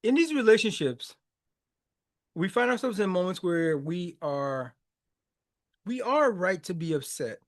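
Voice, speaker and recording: A man's voice: sits high, animated, measured pace, pauses often. A man hosting a podcast, talking loosely about a song's lyrics, with slang, repeats and frequent laughs. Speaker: podcast host. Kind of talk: casual commentary on song lyrics.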